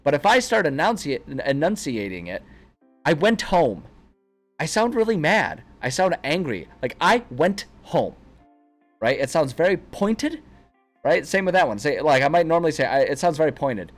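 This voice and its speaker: A man's voice: on the high side, big pitch swings, fairly quick, soft background music. A man streaming and chatting casually to his live chat, rambling from one thought to the next and often cutting himself off mid-sentence. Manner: rambling, self-interrupting, chatty.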